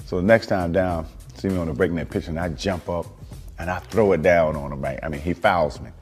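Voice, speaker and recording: A man, a former basketball player, recounting a story in a relaxed way with a laugh. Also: low voice, a little fast, faint music behind. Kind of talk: interview anecdote.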